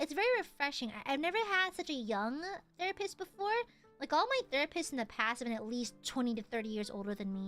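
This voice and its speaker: A young woman talks to her stream in a loose, chatty way, laughing often and swearing freely. Her voice sits high and swoops up and down. Faint music plays softly behind her. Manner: swears casually. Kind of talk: casual chat.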